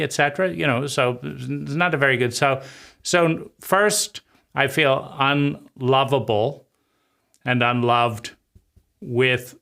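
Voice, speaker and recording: Male host, bright mid-pitched voice, reflective monologue, repetitive and emphatic, prone to halting restarts. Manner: repetitive, emphatic phrasing, speaking as a child's inner voice. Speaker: channel host. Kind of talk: reflective personal-growth monologue.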